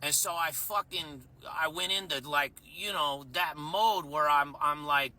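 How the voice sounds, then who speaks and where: A man's voice: fairly high pitch, unhurried, pushed and bright, slight background noise. A man who works as a bartender, telling a rambling, profane, self-mocking story in a casual way.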